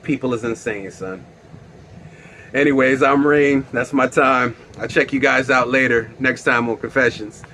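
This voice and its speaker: A young man telling a wild story on his vlog in a casual, animated way, swearing and bursting into loud exclaims. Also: mid-range voice, measured pace, a little hiss or hum. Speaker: vlogger.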